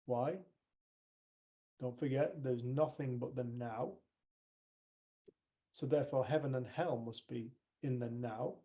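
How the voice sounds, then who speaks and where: A man's voice: mid-range voice, slow, pauses often, dark tone. A man leading a workshop, giving a conversational motivational talk and retelling stories with quoted dialogue. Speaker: workshop leader.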